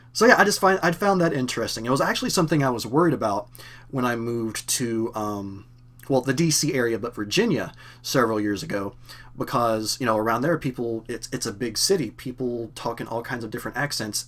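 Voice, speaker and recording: A man's voice: mid-range voice, a bit bright. Young guy from kentucky, hint of southern accent, rambly live stream chat, lots of ums. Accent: faint Southern. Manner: rambling with fillers and self-corrections. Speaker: channel host.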